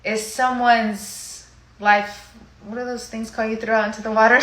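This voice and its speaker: Woman in her fifties, fitness coach, rambling live chat, bright voice, roomy echo. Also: a little high, fairly even intonation, normal speed. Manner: chatty, emotional, rambling. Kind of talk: casual live video chat.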